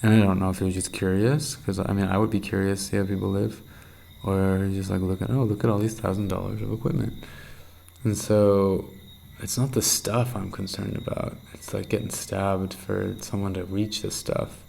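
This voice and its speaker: A young man recording a candid night-time video diary, rambling and intense, swearing freely and sometimes dropping into a hushed half-whisper. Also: little pitch movement, moderate pace, slight background noise, poor audio. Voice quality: gravelly, low-set voice. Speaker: vlogger.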